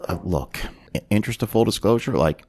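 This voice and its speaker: A man hosting a podcast, casually retelling a film's plot as an animated storyteller. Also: lowish voice, brisk, breathy edge. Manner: animated storyteller, acts out quotes. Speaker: podcast host. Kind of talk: casual movie recap chat.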